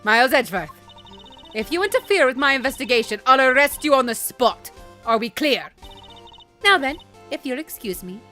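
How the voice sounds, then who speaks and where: A woman's voice: sits high, lively intonation, moderate pace, sharp tone, soft background music, voice pushed up, full character voice. Woman putting on an imperious young prosecutor. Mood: commanding. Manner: clipped commanding delivery, put-on Eastern European accent. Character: haughty young female prosecutor, imperious, demanding. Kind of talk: reading game dialogue aloud on a stream.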